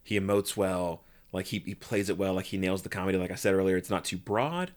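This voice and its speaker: A man co-hosting a podcast, chatting in a relaxed, rambling way full of "like". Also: deep voice, brisk. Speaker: podcast co-host. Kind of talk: casual chat about a movie.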